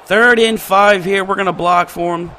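A young man giving excited, animated commentary while playing a football video game. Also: high-pitched, moderate pace, a crowd in the background. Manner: animated, shouts and laughs at plays. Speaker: gaming channel host.

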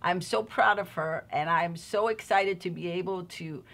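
A middle-aged woman hosting a casual online interview, talking with warm enthusiasm about her old friend. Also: fairly low pitch, normal speed, creaky. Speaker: YouTube interview host.

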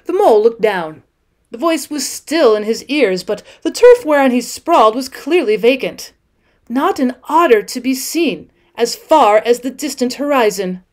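A woman's voice: fairly high pitch, expressive, normal speed. Woman teacher narrating a classic story. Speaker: teacher reading aloud.

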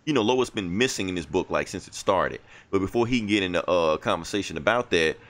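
Male podcast co-host, lowish voice, loose rambling comic recap with acted-out quotes and casual cursing. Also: fairly bright tone.

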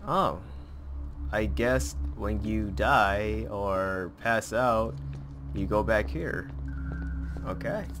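A man's voice: lowish voice, drawn-out words, pauses often, over music. A man giving jumpy, swearing commentary on a horror game to his viewers. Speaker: gameplay commentator. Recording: clear background noise.

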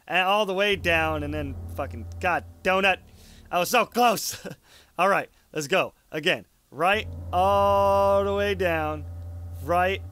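A man's voice: high-pitched, slow, a bit bright, clear, resonant tone. A young man casually commenting on his gameplay, cursing and mocking himself. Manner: casual, swearing, self-mocking, laughs often. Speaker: let's play host.

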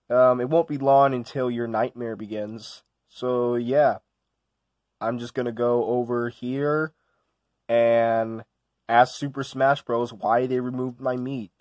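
A goofy, food-obsessed blocky game hero, put on by a man in a homemade sketch. He rambles at a slow, drawn-out pace and gets whiny and loud when something upsets him, with a plain middle-pitched voice. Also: no room sound, clean studio sound, natural voice. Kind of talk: homemade comedy sketch voice acting.

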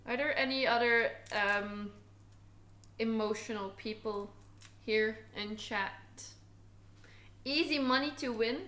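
Woman, home cooking livestreamer, relaxed unhurried chatter, self-teasing; roomy kitchen sound. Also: a little high. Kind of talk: casual live cooking stream chat.

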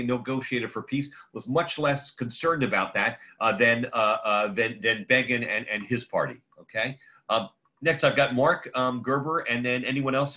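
A mid-range male voice, bright and forceful, belongs to a rabbi teaching a class by video call. He lectures conversationally, halting and wandering into digressions, and answers questions from people he addresses by name, all in muffled, lo-fi online sound.

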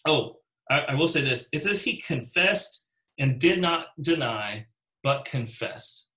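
A man's voice: fairly high pitch, lively intonation, measured pace, sharp tone, low-quality recording. A man teaching a Bible class in a conversational way, calling on class members and acting out quotes in character voices.

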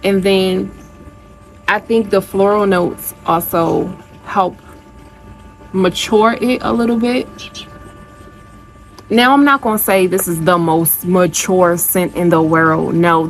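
A woman's voice: on the low side, gravelly, low-quality recording. A woman vlogger chatting casually to her viewers in a product review, gushing and calling them y'all.

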